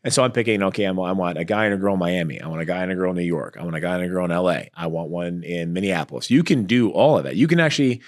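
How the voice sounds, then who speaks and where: A middle-aged man, an entrepreneur guest in a casual business interview, talking in an animated way and acting out the exchanges he describes. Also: deep voice, very fast, hardly any pauses. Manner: animated storyteller, acts out quoted exchanges.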